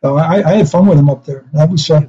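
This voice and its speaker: An older man tells long, rambling stories in a warm, mellow voice that sits a little high. He chuckles and trips over his own starts. The audio is dull and lo-fi. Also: fast. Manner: rambling, chuckling, self-interrupting. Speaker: guest, former special teams coach. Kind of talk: casual storytelling interview.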